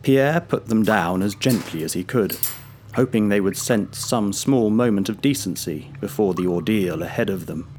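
A man narrating a dark story in a grave, measured way. His voice sits fairly low. A faint hiss lies under the recording.

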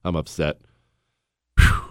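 A man hosting a call-in radio show, indignant and incredulous, swinging from low mutters to loud outbursts into a studio microphone. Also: slow pace, no echo. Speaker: radio talk show host. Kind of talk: opinionated call-in talk radio.

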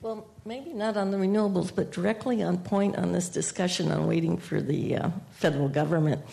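A woman state senator on a panel, giving a steady, detailed explanation of policy. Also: deep voice, gravelly.

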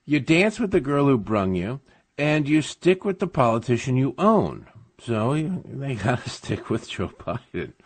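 A man's voice: medium pitch, big pitch swings, a little slow, slightly rough, no room sound. A man who is a regular guest on a talk radio show, telling wry, exasperated stories in casual chat. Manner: wry storyteller, dry and exasperated.

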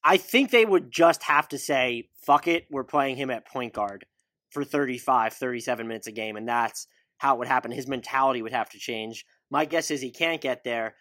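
A man's voice: mid-range voice, moderate pace, pushed and bright, no room sound, clean studio sound. A man in his thirties hosting a casual sports talk show, questioning his guest and reeling off stats. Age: 30s. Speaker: podcast host.

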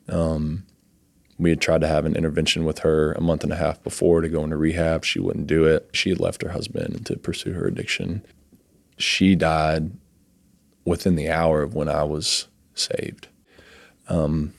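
A man telling his personal faith testimony in an earnest, emotional, halting way, often pausing on "like". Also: very deep voice, vocal fry, no room sound. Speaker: guest sharing his testimony.

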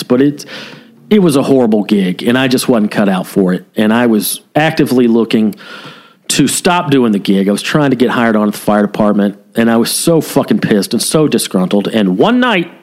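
A man with an ordinary middle-pitched voice tells a long story in relaxed podcast chat. He talks candidly and swears often, in a plain studio-mic sound. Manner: candid, heavily profane storytelling. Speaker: podcast co-host, former police officer.

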